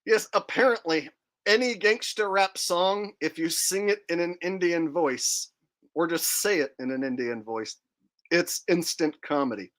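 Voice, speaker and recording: A man's voice: high voice, measured pace, a bit bright. Casual streamer: a man who jokes around and rambles through viewer comments. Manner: joking, rambling, reads out chat comments. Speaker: livestream host. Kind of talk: casual livestream chat.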